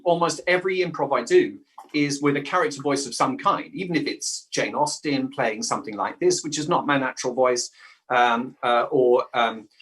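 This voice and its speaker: A man's voice: mid-range voice, fairly bright tone. A man with a South London accent, chatting as an interview guest and actor, talkative but hesitant, restarting sentences often. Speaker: guest, improv actor and voice-over artist. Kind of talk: casual interview chat.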